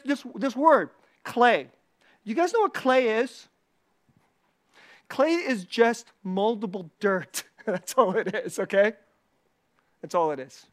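A preacher with a weekly video channel gives a casual, animated sermon, repeating key phrases and laughing often. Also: mid-range voice.

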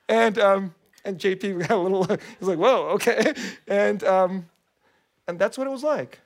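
A pastor giving a sermon in an animated, conversational storytelling manner. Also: mid-range voice, moderate pace.

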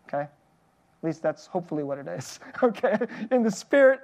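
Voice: medium pitch, very animated, a little slow, long pauses, dull audio. A pastor giving a conversational sermon at a church service, chuckling between points and putting direct questions to the congregation.

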